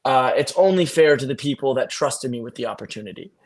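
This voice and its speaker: A young man, an actor as guest, talking in an animated, storytelling way on a video call. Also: medium pitch, fast. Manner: animated storytelling, acts out friends' voices. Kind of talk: casual video-call interview.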